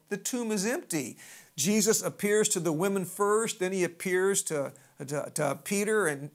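A preacher retelling a scripture story as a sermon, in a lively, folksy manner full of asides and big swings in pitch.

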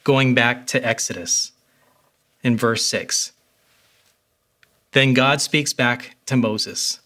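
A man's voice: medium pitch, slow pace, sharp tone. A man preaching a sermon as pastor, earnest and conversational, with a few fillers.

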